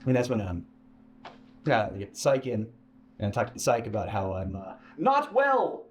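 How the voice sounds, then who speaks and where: A man telling a personal story as an interview guest, full of stammered restarts and sudden jumps into a high, animated voice. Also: moderate pace, highs cut off, slight background noise. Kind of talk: casual storytelling. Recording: echoey room with faint ambience.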